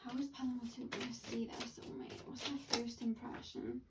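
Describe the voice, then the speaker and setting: Rambling woman tarot reader, high voice. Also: level tone, brisk, far from the mic, very noisy. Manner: rambling, full of "like" and self-corrections. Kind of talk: pick-a-card tarot reading.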